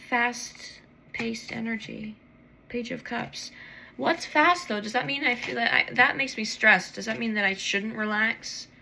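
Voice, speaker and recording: A woman's voice: a little high, vocal fry, sharp tone, slight background noise. Tired, swearing woman pulling tarot cards. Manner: rambling, swears freely, talks to herself. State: tired, yawning. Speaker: tarot reader. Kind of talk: late-night casual tarot vlog.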